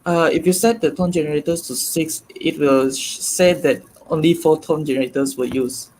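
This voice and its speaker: A man's voice: on the high side, steady tone, darkish tone, slight background noise, rough recording. A man presenting a live online demonstration on a video call, explaining step by step and stopping often to correct himself. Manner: halting, self-correcting, step-by-step. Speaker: guest presenter.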